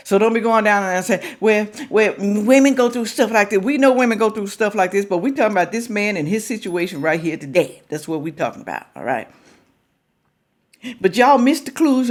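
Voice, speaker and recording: Animated woman hosting a chatty reaction video. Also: mid-range voice. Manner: chatty, animated, talks straight to viewers, teasing. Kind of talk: casual reaction commentary.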